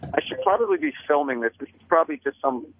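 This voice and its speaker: A man calls in over a tinny, dry phone line and chats casually. He tells his stories deadpan and mocks himself. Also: fairly high pitch, quick pace, no room sound. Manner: deadpan, self-mocking storyteller. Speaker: comedian guest on phone. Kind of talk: casual chat.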